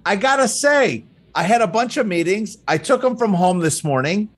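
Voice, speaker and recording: Animated, emphatic male podcast host. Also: high voice, moderate pace. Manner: animated, emphatic, repeats words when excited. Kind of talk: casual interview chat.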